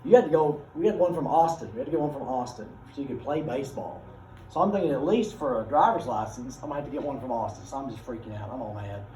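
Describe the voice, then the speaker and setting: Folksy teacher in an echoey classroom. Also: male voice, mid-range voice, fast talker. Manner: folksy and animated, drawling asides. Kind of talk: classroom explanation with personal stories. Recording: echoey room, mic far off, noisy.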